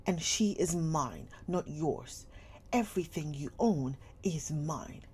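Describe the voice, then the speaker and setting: A woman's voice: low-pitched, expressive, slow, breathy edge, exaggerated voice. A woman doing a cold, stern schoolmistress. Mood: scornful. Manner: stern, sharp, scolding. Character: cold domineering schoolmistress, middle-aged woman.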